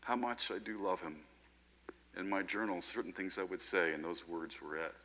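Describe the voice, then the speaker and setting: A man preaching a sermon in a lively, conversational way, often checking in with "right?". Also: low voice, normal speed.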